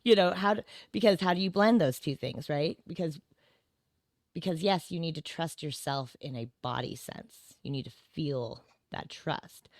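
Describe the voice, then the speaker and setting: A woman's voice: sits low, moderate pace, no echo, clean studio sound. A woman as a podcast guest in casual chat, rambling with many "like"s and tag questions and laughing often.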